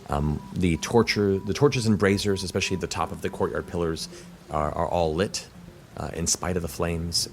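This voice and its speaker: A man narrating as game master of a tabletop game, in a measured, descriptive way with frequent fillers. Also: deep voice, gravelly.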